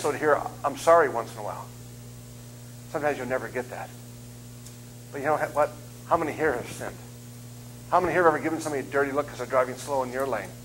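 A man's voice: mid-range voice, a little hiss or hum, rough recording. A middle-aged man preaching a sermon in a church, joking and acting out voices. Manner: joking, animated, acts out voices and screams. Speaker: guest preacher. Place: church sanctuary.

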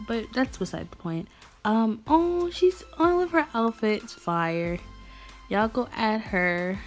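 Young woman vlogger, kinda high voice, gushy and chatty, soft music behind. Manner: chatty, gushing, animated. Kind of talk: casual chat reading messages aloud. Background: faint music.

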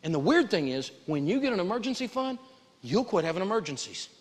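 A man teaching a live personal finance lesson in a folksy, animated way, prompting the audience to answer back. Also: sits high, fast, in a large hall.

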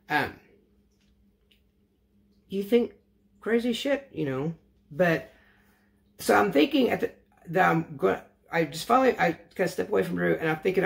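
Guy with a high gravelly voice rambling thru a storytime vlog, keeps restarting his sentences. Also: lively intonation, moderate pace, pauses often. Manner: rambling, self-correcting storytelling. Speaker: vlogger. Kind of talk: casual storytime.

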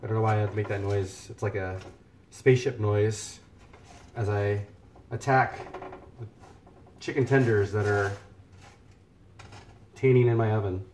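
A man's voice: on the low side, steady tone, measured pace, long pauses, a little mellow, a little hiss or hum. A man cooking live in his home kitchen on a headset mic, joking and rambling as he chats with viewers. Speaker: live-streaming home cook. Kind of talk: casual live-stream chat.

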